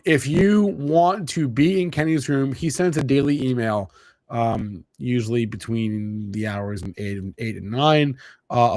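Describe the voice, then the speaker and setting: A man's voice: medium pitch, no echo. Guy hosting a market show, casual, keeps restarting, pretty dry mic. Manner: animated, frequent restarts. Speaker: show host.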